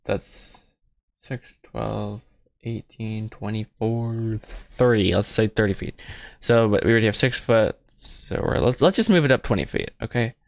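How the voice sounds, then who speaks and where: A man's voice: lowish voice, a little slow, creaky, no echo, studio quality. A man talking casually while he works at a computer, rambling and joking at his own expense. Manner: rambling, self-mocking, jokey asides to himself. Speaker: animator streaming his film work. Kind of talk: casual thinking-aloud commentary while modeling.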